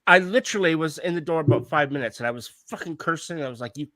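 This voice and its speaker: Australian man, bright forceful voice, sweary animated storytelling, dry close sound. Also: fairly high pitch, fast, no room sound. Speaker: podcast co-host. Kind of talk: casual chat.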